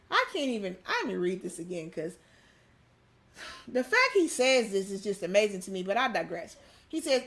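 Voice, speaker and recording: A woman's voice: mid-range voice, expressive, moderate pace. A young adult woman hosting a livestream, reading news quotes aloud in a chatty way with many ums and asides. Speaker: livestream host.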